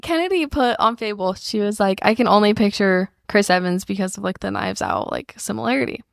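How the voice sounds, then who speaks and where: A woman's voice: medium pitch, a little fast, creaky, no echo. Young female podcast co-host, rambling casual chat, dry studio sound. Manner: chatty, rambling with fillers. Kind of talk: casual book club chat.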